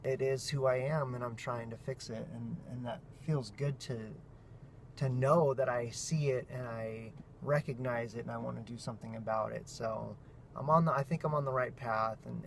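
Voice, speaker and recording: A man's voice: mid-range voice, creaky. Man, thirties, nasal, tired, rambling casual vlog, self-mocking, noisy traffic behind. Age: 30s. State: sleep-deprived. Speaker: vlog host and father. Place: outdoors while walking between offices. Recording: noisy street and traffic sound.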